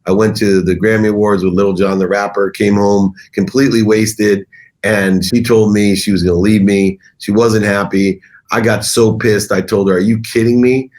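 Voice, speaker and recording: A middle-aged man with a fairly low voice, speaking as an interview guest. He tells his story emphatically and with animation, often pushing his voice up for stress. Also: little pitch movement, moderate pace, a little mellow. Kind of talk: storytelling in conversation.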